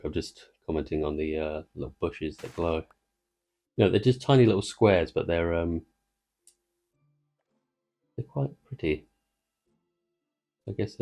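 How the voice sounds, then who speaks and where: A man with a low-pitched, slightly mellow voice does casual let's-play commentary as a gaming video creator. He rambles, tries telling a joke, and keeps interrupting himself.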